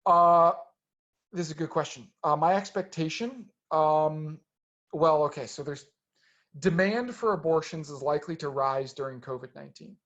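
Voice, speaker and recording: A man's voice: a little high, normal speed, a bit bright. Hesitant man answering questions, lo-fi. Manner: hesitant, many ums and restarts. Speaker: researcher answering audience questions. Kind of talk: webinar Q&A.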